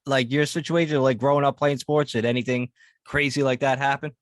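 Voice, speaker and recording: A man's voice: medium pitch, steady tone, fairly quick, dry recording. A man co-hosting a podcast, casually telling a crude sports story. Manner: profane, laid-back storyteller. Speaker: podcast co-host.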